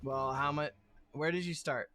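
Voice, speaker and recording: A man running a tabletop game on a livestream, laughing and talking loosely, often dropping to quiet asides. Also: fairly high pitch, steady tone, moderate pace, faint music behind. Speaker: game master. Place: home streaming setup.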